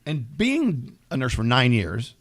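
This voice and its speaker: A man's voice: mid-range voice, wildly swooping pitch, unhurried, dry recording. A man hosting a morning radio show, joking with his guest and asking questions, often restarting his sentences. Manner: joking, asks questions, trips over restarts. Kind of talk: casual radio interview.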